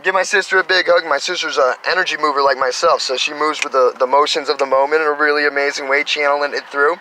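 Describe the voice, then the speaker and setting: Bright-voiced man rambling outdoors. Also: fairly high pitch, fairly even intonation, fast, slight background noise, poor audio. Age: 30s. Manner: enthusiastic, meandering, spiritual self-talk. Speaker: spiritual vlogger. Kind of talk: rambling casual monologue.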